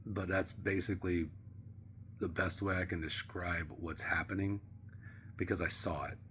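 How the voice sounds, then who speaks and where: A man vlogging in a casual, rambling monologue, profane and slangy, sometimes dropping to a hush. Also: low-pitched, fairly even intonation, moderate pace, slight background noise.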